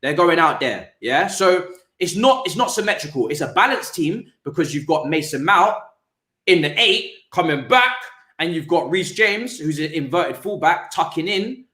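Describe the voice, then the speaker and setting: A man hosts a casual football talk, his voice sitting a little high. He gets animated, restarting and repeating words as he builds his point. The room around him rings with echo. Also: moderate pace. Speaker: podcast host.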